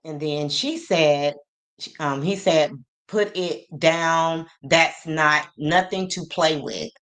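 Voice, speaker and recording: Low-voiced woman hosting a livestream. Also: a bit bright. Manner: reads messages aloud slowly, greets chat by name. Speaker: livestream host. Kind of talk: casual livestream commentary.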